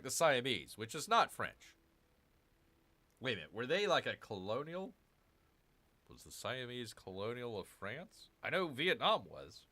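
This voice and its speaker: A man's voice: medium pitch, sharp tone. A man hosting his own gaming channel, chatting casually as he plays a strategy game, rambling and correcting himself with jokey asides to viewers.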